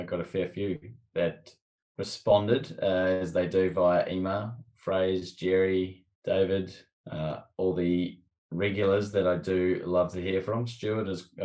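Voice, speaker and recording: A man's voice: low voice, darkish tone. A young man co-hosting a podcast in casual chat, giving brief plain replies with fillers. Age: young adult. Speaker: podcast co-host.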